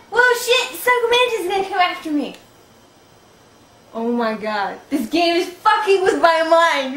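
A high-voiced woman hosts a gaming video, her pitch leaping all over as she reacts. She swears freely and shrieks at the screen. The room is echoey, with game music playing loudly behind her. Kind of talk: excited let's-play commentary.

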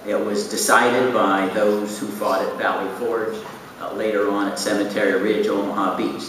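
A man giving a formal, emphatic conference speech in a measured manner. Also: fairly low pitch, a bit bright. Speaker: conference speaker. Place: large conference hall. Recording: echoey hall, speaker from far off, faint noise.

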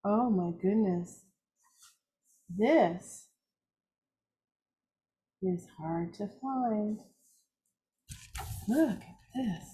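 An older woman teaching a children's circle time, reading picture books aloud in an animated, expressive, gentle way. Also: medium pitch, extremely slow, long pauses.

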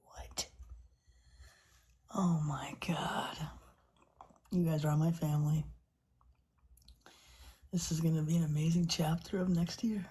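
A woman's voice: low voice, fairly even intonation, takes it slowly, pauses often, warm tone. A woman livestreaming to her viewers, overwhelmed and gasping out exclamations, often dropping to a whisper. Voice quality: very breathy, husky voice. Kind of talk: live stream chat with viewers.

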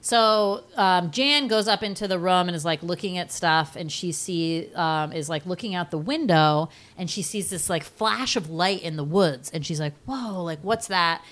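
A woman's voice: on the low side, moderate pace, few pauses, a bit bright. A woman co-hosting a podcast, recapping a movie plot in a rambling, casual way with lots of fillers. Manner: rambling, filler-heavy storytelling. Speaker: podcast co-host.

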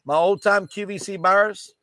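Male auctioneer, rapid bid chant, slightly raised pitch, coughing between calls, dry close sound. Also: steady tone, pushed and bright, dry recording. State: coughing, choked up. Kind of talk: live online auction selling.

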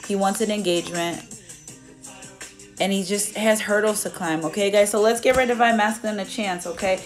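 A woman's voice: medium pitch, fairly even intonation, normal speed, faint music behind. A young woman giving a casual live tarot reading, chatty and blunt, swearing freely as she talks to her viewers. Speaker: tarot reader.

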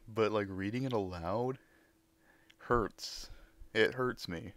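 A man's voice: on the low side, slow pace, fairly bright tone, no echo. A man hosting a comic reading of a fan story aloud, adding dry, exasperated asides.

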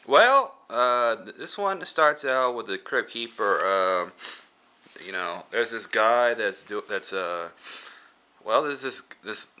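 A man's voice: on the low side, animated, takes it slowly, sharp tone, clean tone. A man giving a casual movie review, rambling with many fillers and restarts.

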